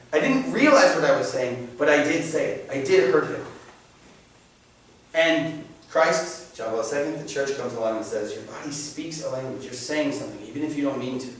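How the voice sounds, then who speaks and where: A man giving an informal faith talk to a class, animated and joking, often restarting his sentences. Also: a little high, moderate pace. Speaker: catechism class presenter. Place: church meeting room. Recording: very echoey room, mic at a distance.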